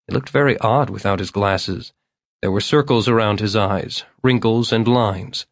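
A man narrating an audiobook in a steady, measured reading voice. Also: on the low side, no room sound, clean studio sound.

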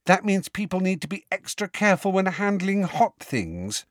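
A man's voice: big pitch swings, no echo, studio quality. A man voicing an eager, earnest teenage schoolgirl in an audiobook. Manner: eager, quick and high. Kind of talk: audiobook character voice.

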